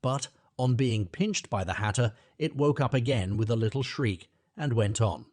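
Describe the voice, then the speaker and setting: A man reads a classic children's audiobook aloud, narrating from a script in a measured, expressive storytelling style. His pitch sits in the middle range, and the studio recording is clean with no echo.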